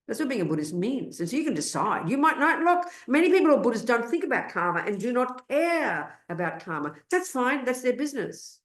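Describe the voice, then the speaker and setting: A woman with an Australian accent giving a Buddhist dharma talk in an animated, blunt and emphatic way. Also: medium pitch, reverberant. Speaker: Buddhist teacher.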